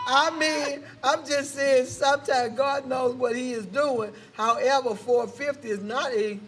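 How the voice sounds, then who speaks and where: A woman's voice: high voice, slow pace, a bit bright, a little hiss or hum. A woman in her fifties hosting a casual live talk show, chatty, laughing often as she reads viewer comments aloud.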